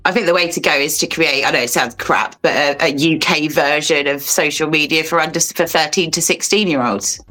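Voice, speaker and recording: A woman's voice: deep voice, pushed and bright, echoey room, faint music behind. A woman in a casual discussion, talking in a conversational way and adding her own stories. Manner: conversational, quick to agree and add stories.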